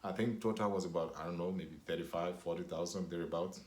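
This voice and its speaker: A Nigerian man vlogging to camera, his voice low and deep. He tells his story in a loose, rambling way, full of "you know", and the room gives back a clear echo. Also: steady tone, fast talker, darkish tone.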